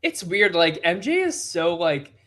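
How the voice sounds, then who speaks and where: A woman's voice: fairly low pitch, very animated, a little slow. A woman co-hosting a podcast in casual chat, rambling through lots of filler words. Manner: chatty, full of "like" fillers. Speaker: podcast co-host.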